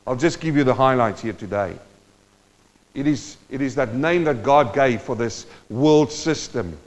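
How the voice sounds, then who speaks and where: A male preacher giving a sermon, moving between quiet teaching and loud, impassioned exhortation and speaking straight to his listeners. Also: mid-range voice, a little slow. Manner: addresses the congregation directly. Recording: dull sound with long hall reverb.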